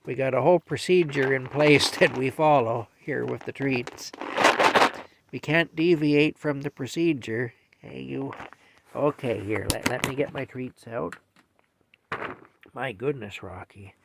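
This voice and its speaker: Older man, gravelly creaky voice, casual bedtime vlog, rambling and repetitive. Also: medium pitch, measured pace, heavy background noise. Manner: rambling and repetitive, talks softly to his cat. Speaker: vlogger. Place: small camper in a field, at night.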